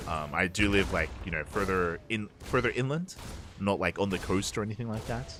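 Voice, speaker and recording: A man's voice: low voice, a little fast, fairly bright tone, slight background noise. A man commentating live esports, telling a rambling story with frequent restarts. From Australia. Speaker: esports caster.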